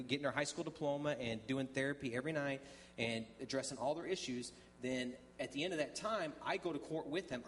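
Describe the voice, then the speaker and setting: Man, mid-pitch, casual storyteller giving a testimony in church, faint hum underneath. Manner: conversational storytelling with many ums and restarts; acts out dialogue in quoted voices. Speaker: guest speaker sharing testimony.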